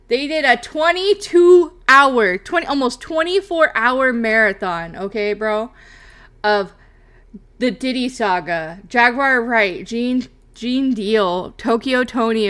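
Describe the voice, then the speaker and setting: With a fairly bright, animated voice on the high side, this young streamer talks at a measured pace. She rambles through casual livestream chat, cursing frequently and tacking on "bro" and "okay?"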